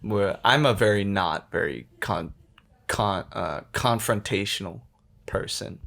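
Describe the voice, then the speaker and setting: A man's voice: fairly low pitch, unhurried, gravelly, fairly bright tone. A young man hosting a casual podcast chat, rambling, swearing a lot and laughing often. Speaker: podcast host.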